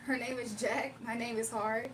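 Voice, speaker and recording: A chatty, high-voiced woman hosts a casual livestream doing readings, laughing often and reading chat aloud to viewers. Her tone is steady and a bit bright, at a moderate pace. She's slightly distant from the mic, with faint room noise.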